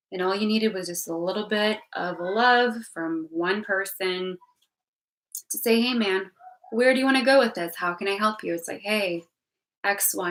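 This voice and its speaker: A woman's voice: medium pitch, fairly bright tone, poor audio. Woman rambling frankly through a vlog update. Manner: rambling, frank, with filler "like" and swearing. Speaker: vlogger. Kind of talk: casual livestream update.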